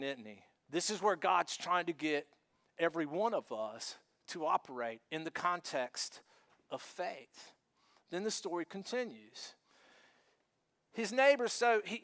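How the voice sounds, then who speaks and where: A male pastor preaching with a very high voice for a man. He is animated and joking, and he acts out scenes as he goes. He moves easily between teaching and playful storytelling. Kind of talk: sermon.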